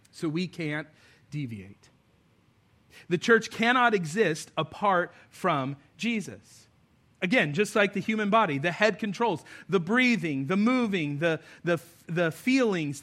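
Bright, high-voiced pastor preaching. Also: male voice, lively intonation, measured pace. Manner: conversational, earnest preaching with light humor. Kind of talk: sermon. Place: church service before a congregation.

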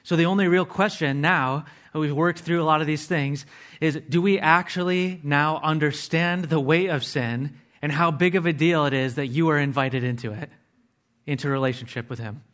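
A man's voice: a little high, steady tone, normal speed, a bit bright. A man preaching a sermon, earnestly explaining word meanings step by step and adding casual asides to his listeners.

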